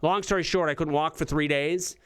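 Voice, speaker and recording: Comedian guy rambling thru a story, keeps cutting himself off, smooth resonant voice. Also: on the high side, fairly even intonation, a little fast, fairly bright tone. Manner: rambling, self-interrupting storyteller. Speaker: comedian guest. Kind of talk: casual storytelling chat.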